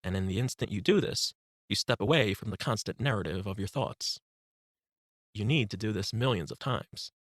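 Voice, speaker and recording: Calm man narrating a meditation guide. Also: on the low side, no room sound, clean studio sound. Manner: calm, instructive, unhurried. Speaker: author narrating his book.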